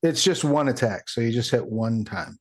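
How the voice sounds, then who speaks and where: A man running a tabletop game as game master, pausing often with fillers while he works out damage rolls. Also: medium pitch, lively intonation. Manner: halting, with many fillers while tallying damage.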